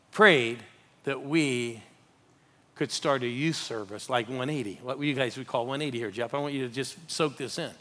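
An older male pastor preaching a sermon in a bright, forceful voice pitched a little high. He speaks with animation and keeps rallying the congregation with call-outs. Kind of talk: live sermon.

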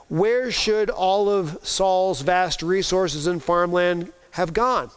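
A pastor preaching a sermon, telling a Bible story and acting out the voices of its people. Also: male voice, high voice.

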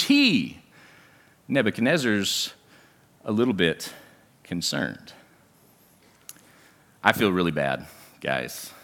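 A man preaching a sermon, talking with the congregation and asking them questions. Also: mid-range voice. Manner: animated, talks with the congregation and asks questions often. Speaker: pastor. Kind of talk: sermon with audience interaction. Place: church sanctuary.

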